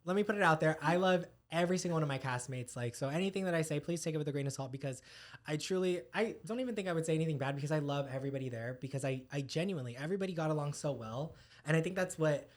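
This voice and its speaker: A man who is a tattoo artist guest, telling stories in a rambling, animated way full of fillers. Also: fairly high pitch, very fast. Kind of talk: casual podcast chat.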